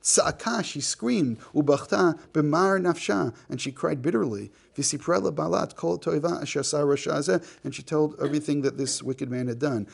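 A man's voice: fairly high pitch, normal speed, vocal fry, few pauses, slightly rough. A man teaching a class, reading a text aloud, translating it line by line and joking with the students. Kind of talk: classroom lecture.

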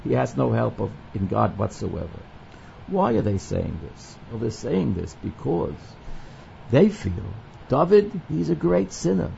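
Male Torah teacher, gravelly and mellow, readings, explanatory lesson delivery, dull lo-fi recording. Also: mid-range voice, very animated, unhurried. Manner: explanatory, quotes the Hebrew text and then translates it. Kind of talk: verse-by-verse scripture lesson. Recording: dull lo-fi recording with faint noise.

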